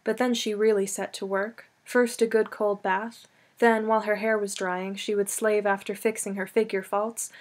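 A woman reading a novel aloud as an audiobook, in measured, steady storytelling narration. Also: medium pitch. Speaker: audiobook reader. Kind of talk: scripted narration.

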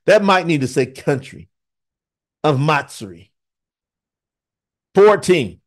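A man preaching in an online scripture teaching, emphatic and animated, calling out to viewers by name. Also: on the high side, a little slow, pauses often.

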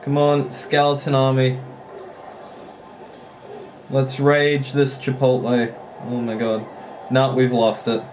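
Excitable gamer, slow-talking. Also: male voice, mid-range voice, a little hiss or hum. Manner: excitable, swears and laughs at his own play. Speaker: gamer playing a mobile strategy game. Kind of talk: casual gameplay commentary.

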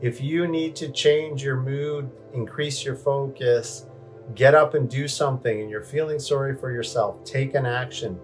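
A man speaks to the camera from a cold bath in his bathroom at home. His tone is candid and self-deprecating, with a coaching lilt. Faint music plays softly behind him. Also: medium pitch, unhurried. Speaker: wellness vlogger. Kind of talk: casual talk to camera.

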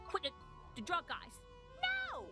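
A woman's voice: extremely high pitch, huge pitch swings, takes it slowly, vocal fry, over loud music, exaggerated voice. A woman playing a rude, foul-mouthed, hostile local in a video game who snaps and swears.

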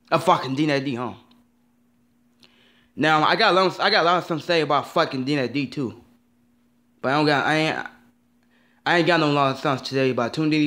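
A man's voice: fairly high pitch, a bit bright. A man ranting in a vlog, upset and rambling, repeating himself and swearing often. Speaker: vlogger.

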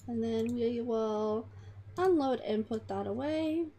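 A woman's voice: a little high, takes it slowly, warm tone. A woman hosting a gaming channel, chatting casually to her characters as she plays. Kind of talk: casual life-sim gameplay commentary.

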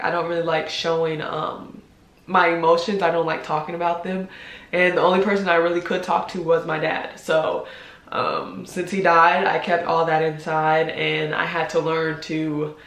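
A young woman speaks in a confiding vlog, and her voice carries a noticeable room echo. She is heartfelt and hesitant, with frequent pauses and ums. She sounds close to tears while she keeps her composure. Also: on the low side, fairly bright tone. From United States. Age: 20s. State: holding back tears. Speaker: vlogger. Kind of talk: personal confessional vlog. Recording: roomy echo.

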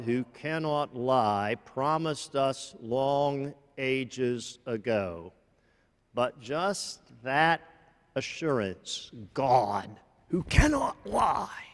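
A man preaching a sermon slowly and deliberately, often restarting his phrases. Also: on the high side. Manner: slow, deliberate, with many restarts. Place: large church. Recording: long church reverb.

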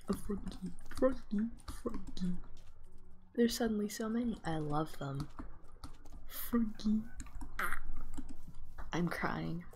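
A woman streamer giving live gameplay commentary, excitable and gasping as she talks to herself and her chat. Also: medium pitch, takes it slowly, long pauses, a little hiss or hum.

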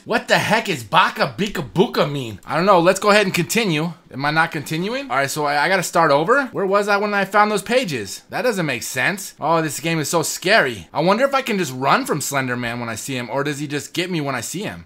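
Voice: mid-range voice, big pitch swings, a little fast, few pauses, fairly bright tone. A gaming YouTuber narrating a horror game with jokey self-talk, panicky yelps and silly made-up sing-song lines. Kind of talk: horror game let's play commentary.

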